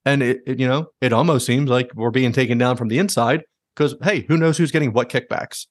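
A man hosting a podcast, talking fast and tossing out blunt, profane opinions in a loose, rambling way. His voice sits at an ordinary pitch. The sound is dry and close, with no room echo. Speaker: podcast host. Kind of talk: casual podcast conversation.

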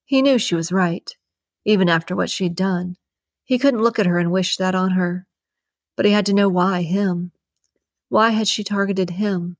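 A woman narrating a dramatic novel in a measured, even reading. Her voice sits low, and the recording is dry and close with no room sound. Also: no echo. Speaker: audiobook narrator. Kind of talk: scripted narration.

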